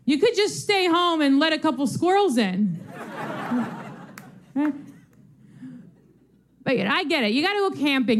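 A woman comedian performing a stand-up set with deadpan, wry delivery. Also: high-pitched, slight background noise.

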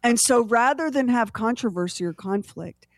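A woman's voice: on the high side, normal speed, no room sound. Woman, talk host, chatty, joking, dry close sound. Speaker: radio show host. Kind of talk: casual chat.

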